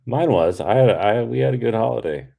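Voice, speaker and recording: A man's voice: mid-range voice, fairly quick, creaky. A man in his thirties co-hosting a podcast over a call, chatting casually with easygoing restarts. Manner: relaxed, rambling with restarts. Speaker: podcast co-host. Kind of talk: casual chat.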